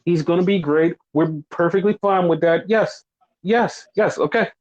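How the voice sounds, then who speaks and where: A man's voice: high-pitched, normal speed, darkish tone, lo-fi sound. A man co-hosting a wrestling podcast, ranting with heavy swearing and exasperation, mocking fans in quoted voices. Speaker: podcast co-host.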